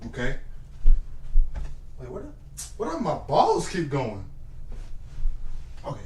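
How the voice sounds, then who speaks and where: Young male streamer, animated delivery, echoey room, mic set back. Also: fairly high pitch, slow. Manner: shouts football cadences between mumbled asides. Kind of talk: casual live-stream chatter. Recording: echoey room, mic at a distance, faint noise.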